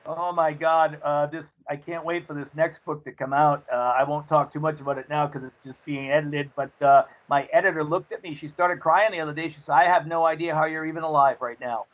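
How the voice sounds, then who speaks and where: High-voiced man telling an earnest story. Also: fairly even intonation, a little fast, few pauses. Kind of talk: casual chat. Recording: slightly muffled recording.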